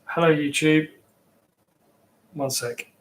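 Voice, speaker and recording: A man's voice: on the high side, fairly even intonation, takes it slowly. A man from England with an English accent, rambling casually as he chats with viewers on his livestream. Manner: rambling, chatty, reacting to viewers. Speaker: livestream host.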